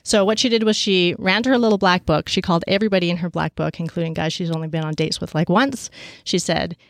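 A woman telling a story casually and with energy, with many fillers, and raising her pitch to act out the people she quotes. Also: fast talker, hardly any pauses, dry recording, studio quality. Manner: animated, acts out quoted voices at a higher pitch.

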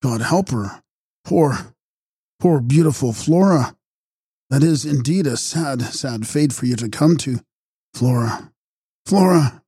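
A man's voice: medium pitch, measured pace, a little mellow, husky, no room sound, studio quality. A man voicing a distraught young man in a gothic audiobook, speaking with urgent, grieving emotion. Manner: anguished, urgent pleading.

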